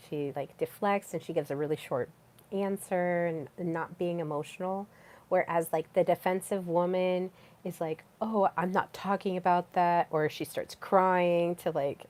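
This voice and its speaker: Casting: low-pitched young woman, solo podcast host, relaxed and chatty, with lots of fillers and restarts. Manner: chatty, with frequent fillers and repeated words. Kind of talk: casual solo podcast talk.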